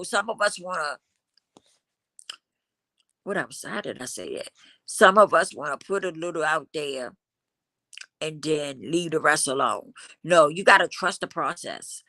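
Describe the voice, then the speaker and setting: A middle-aged woman with a low voice and fairly bright tone hosts a casual livestream, speaking in a loose, preachy way and sometimes singing snatches of a song. There's no room sound.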